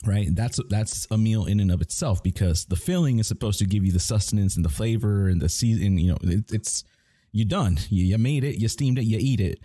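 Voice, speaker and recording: A man's voice: on the low side, fairly quick, warm tone, no room sound, clean studio sound. A man telling a rambling, profane story in casual chat while gaming, with many restarts. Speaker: gamer chatting on stream.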